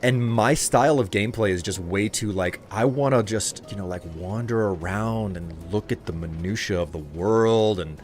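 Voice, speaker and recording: A man's voice: fairly low pitch, moderate pace, hardly any pauses, faint music behind. A man streaming a game live, chatting with viewers in a loose, rambling way full of fillers and restarts. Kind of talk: casual chat while streaming a game.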